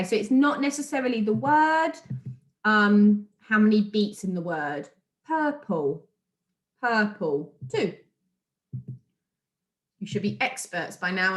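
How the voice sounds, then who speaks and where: A woman with a British accent teaching a class of young children remotely, in a medium-pitched voice. She takes her time and sounds out words slowly and clearly, encouraging as she goes. The recording has a noticeably roomy echo. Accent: British English. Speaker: primary school teacher. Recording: echoey room.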